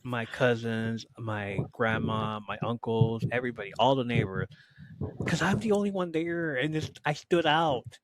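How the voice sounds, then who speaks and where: Animated storytelling man. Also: medium pitch, moderate pace, noisy background. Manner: animated storyteller, voices relatives, laughs. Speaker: podcast host. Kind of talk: casual chat.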